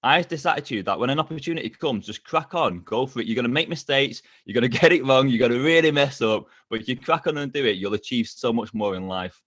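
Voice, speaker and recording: A middle-aged man, a podcast guest telling stories with lively energy and frequent laughs. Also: mid-range voice, fast, few pauses, no room sound. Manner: energetic, animated, laughs often. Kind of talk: casual storytelling interview.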